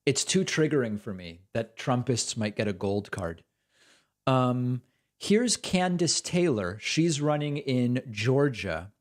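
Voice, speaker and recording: A man hosts a political commentary show, reacting to clips with dry sarcasm. His voice sits at an ordinary middle pitch and his delivery is casual and mocking. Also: animated, slow pace. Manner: sardonic, mocking.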